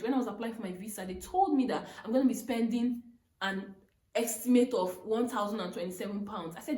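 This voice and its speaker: High-voiced young woman telling a story. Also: echoey room. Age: young adult. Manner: retells arguments with rising, emphatic outbursts. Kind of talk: animated storytime. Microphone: phone.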